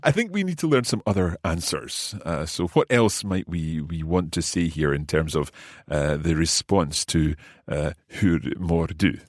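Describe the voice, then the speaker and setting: A man hosting a language lesson podcast as the learner, asking curious questions and slowly repeating new phrases. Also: low-pitched, lively intonation, dry recording, studio quality. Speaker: host and learner.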